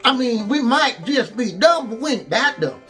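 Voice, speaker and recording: Rich: A man putting on a dim-witted redneck bigot who talks in a high, pinched voice pushed well above his usual pitch. He is indignant and exaggerated, with a mocking, overdone delivery. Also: sing-song, normal speed, pushed and bright, faint music behind, full character voice.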